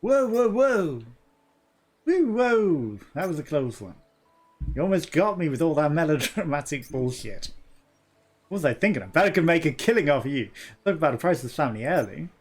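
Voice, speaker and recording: Man, let's play host, crude jokey commentary, lively voice that rises and falls. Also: a little high, quick pace, faint music behind. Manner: joking, crude, laughs often, talks back at the game. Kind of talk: casual gaming commentary.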